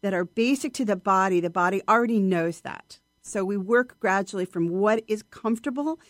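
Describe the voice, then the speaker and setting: A woman voice coach chatting in an interview, lively and expressive, often acting out her students. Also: mid-range voice, moderate pace, dry recording, clean studio sound. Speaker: voice coach guest. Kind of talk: casual interview chat.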